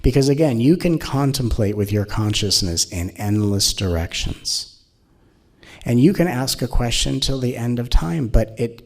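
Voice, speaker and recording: A man giving an animated, playful spiritual talk as a teacher, often slipping into mocking voices. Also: lowish voice, vocal fry.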